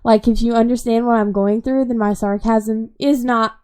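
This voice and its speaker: A woman's voice: a little high, fairly even intonation, normal speed, a little mellow, clear, resonant tone. Young woman venting in a rambling way. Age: 20s. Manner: rambling, heavy use of "like" fillers; upset, sarcastic, frustrated. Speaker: vlogger. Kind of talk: unscripted emotional venting.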